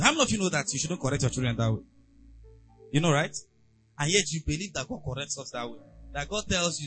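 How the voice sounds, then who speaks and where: A man preaching a sermon, asking the congregation rhetorical questions and swinging from soft asides to loud emphasis. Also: a little high, animated, fast, faint music behind, low-quality recording. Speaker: pastor.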